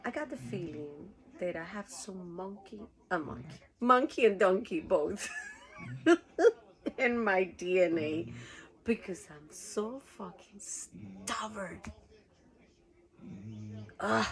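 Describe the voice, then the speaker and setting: Woman with a gravelly voice. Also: mid-range voice, poor audio. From Costa Rica. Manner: laughs often, swears freely, rambling. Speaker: cruise ship worker. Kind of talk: casual storytelling monologue.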